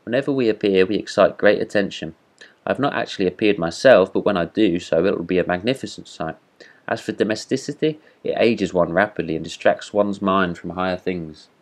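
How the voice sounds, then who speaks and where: A man's voice: low-pitched, fairly quick, natural voice. A man voicing a vain, boastful firework rocket in a storybook reading, speaking in a haughty, self-important manner. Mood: disdainful.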